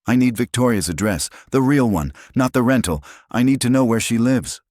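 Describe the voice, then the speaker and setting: A man's voice: medium pitch, animated, moderate pace, a little mellow, dry recording, studio quality, pitched above the performer's own voice, close to an everyday voice. A man voicing a remorseful divorced man who pleads earnestly to make amends. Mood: urgent.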